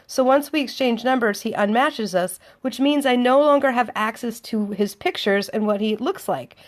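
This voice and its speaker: A woman's voice: fairly high pitch, normal speed. A woman telling a dating story in a chatty, sardonic monologue, acting out both sides of the conversation. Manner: chatty, sardonic, acts out dialogue. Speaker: vlogger.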